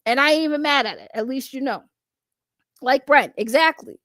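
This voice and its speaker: A woman's voice: high-pitched, moderate pace, fairly bright tone, no echo. A woman doing casual livestream commentary, rambling and blunt, swearing freely and laughing often. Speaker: online commentator.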